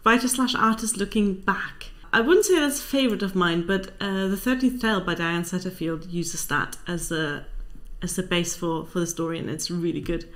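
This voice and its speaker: A woman's voice: on the low side, moderate pace, fairly bright tone. A young woman hosting a book channel, chatting casually and reading out viewer answers with wry, dry asides.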